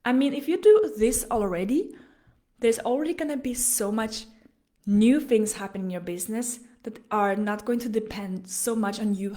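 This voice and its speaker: A woman, hosting a solo coaching podcast in an energetic, persuasive way. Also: mid-range voice. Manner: energetic, persuasive, talks straight to listener. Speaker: podcast host and business coach.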